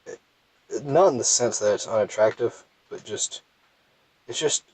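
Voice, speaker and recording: A young man with a heavy Southern US accent rambles through casual let's play commentary, poking fun at himself as he plays. His voice is medium-pitched, somewhat slow and a bit dark, and the recording is rough.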